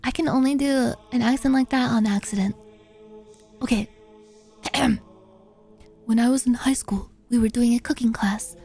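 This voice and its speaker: Animated high-voiced woman streamer. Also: normal speed, gravelly, long pauses, faint music behind. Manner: animated, playful, swears casually. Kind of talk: casual livestream chat, reading viewer submissions.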